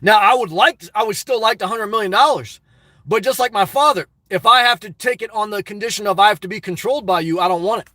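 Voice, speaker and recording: A man hosting a livestream, reading chat and rambling in a crude, excitable, off-the-cuff way from inside his car. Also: high voice, fast talker, dry recording.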